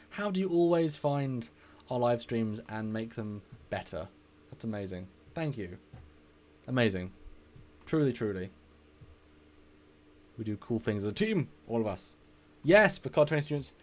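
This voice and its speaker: A man hosting a casual live stream, energetically reading out and answering viewer comments and laughing easily. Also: mid-range voice.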